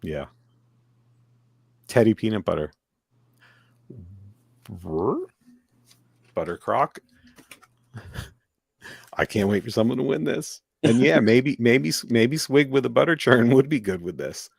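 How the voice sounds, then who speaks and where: A man's voice: mid-range voice, animated, takes it slowly, creaky, pauses often, breathy edge, no room sound. A man hosting a podcast, chatting casually and rambling with lots of fillers and restarts. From United States. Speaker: podcast host. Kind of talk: casual chat.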